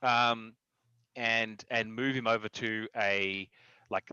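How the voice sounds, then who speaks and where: A man at a tabletop game laying out what his character does, direct and plain-spoken. His voice is bright and dry, with a dull, lo-fi sound. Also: fairly low pitch, fairly even intonation, takes it slowly, clean tone, no echo. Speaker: player. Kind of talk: casual tabletop play.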